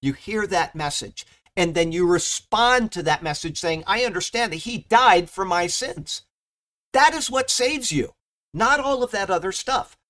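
A man's voice: fairly high pitch, a bit bright. A male pastor teaching a Bible study verse by verse, emphatic, stressing key points and checking in with the class. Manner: emphatic, repeats "okay?" to the class, rises sharply on key points.

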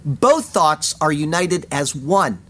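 Lively, emphatic Bible commentary reader. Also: medium pitch. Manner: measured reading with emphatic pauses, reads Hebrew aloud. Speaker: Bible teacher. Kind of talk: scripted verse-by-verse Bible commentary.

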